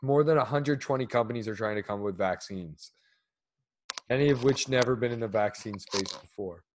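A man talks through the news in a loose, casual podcast chat. He jokes crudely and laughs often. His voice sits at an ordinary pitch. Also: a little fast, a little hiss or hum. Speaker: podcast co-host.

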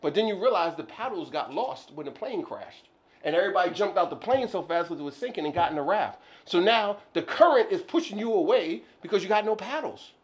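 Animated high-voiced man telling stories. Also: brisk. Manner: animated storyteller, acts out scenes. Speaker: podcast co-host. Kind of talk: casual chat.

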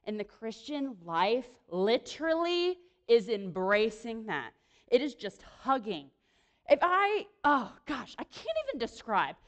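A young woman speaking to a room, giving a lively, chatty sermon full of quick self-deprecating asides. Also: a little high. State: pregnant. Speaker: speaker at a church or campus gathering. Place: room with an audience.

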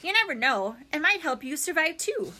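A woman's voice: high voice, big pitch swings, normal speed, sharp tone, pitched above the performer's own voice, exaggerated voice. A woman voicing a theatrical female opossum who is proud of her acting, talking in a dramatic, self-assured way.

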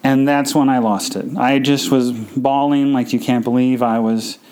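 A man hosting a podcast, telling a personal story in a halting, emotional way, full of fillers and restarts. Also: medium pitch, fairly even intonation, a little mellow, clean tone, poor audio. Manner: emotional, subdued. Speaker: podcast host.

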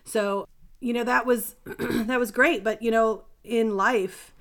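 A woman's voice: fairly high pitch, steady tone, slow, a bit bright. A middle-aged woman, a health and life coach, telling her story in a chatty, rambling, self-deprecating way as a podcast guest. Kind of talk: casual interview storytelling.

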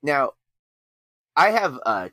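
A man's voice: on the high side, very animated, slow pace, bright, forceful tone, no echo, studio quality. A man hosting a podcast in casual chat, rambling and self-deprecating. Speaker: podcast host.

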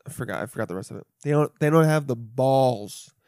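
A man's voice: mid-range voice, animated, a little fast, few pauses, darkish tone, smooth, no room sound, studio quality. A young man hosting a solo podcast, rambling and swearing freely, with self-mocking asides. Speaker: podcast host. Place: home.

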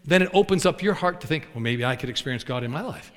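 Animated preacher in an echoing hall. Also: male voice, on the high side, fast. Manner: animated, folksy storytelling with acted quotes. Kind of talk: storytelling sermon.

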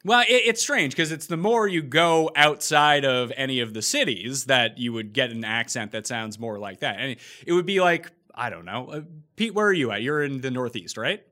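A Canadian man hosting a casual podcast chat over a remote mic, chatty and quick to ask his co-hosts questions. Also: mid-range voice, expressive, sharp tone. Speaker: podcast host.

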